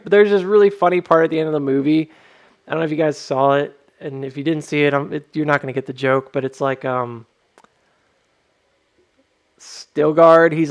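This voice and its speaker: A man's voice: mid-range voice, gravelly. A man hosting a livestream in casual chat, rambling and full of fillers. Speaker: livestream host.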